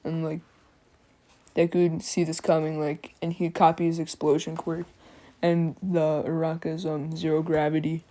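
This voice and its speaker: A woman's voice: sits low, flat delivery, moderate pace, mellow. A sleepy woman telling a fan story in a casual, slangy, drawling way with many fillers.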